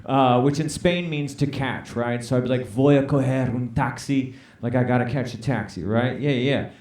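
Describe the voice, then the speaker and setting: A man's voice: mid-range voice, fairly quick, darkish tone. A man doing a stand-up comedy set on a club stage, playfully bantering with the audience. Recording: echoey club, mic at a distance, crowd noise. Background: audience laughter.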